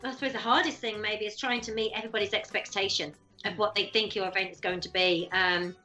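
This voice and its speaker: Guest, female, event organiser; brisk, bright, anecdotal chatter. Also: mid-range voice, fairly even intonation, soft background music, low-quality recording. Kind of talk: casual interview chat.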